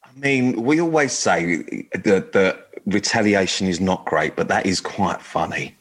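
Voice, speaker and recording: Brief: low-pitched male radio host, relaxed, hesitant, casual chat. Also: measured pace. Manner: relaxed, hesitant, lots of ums.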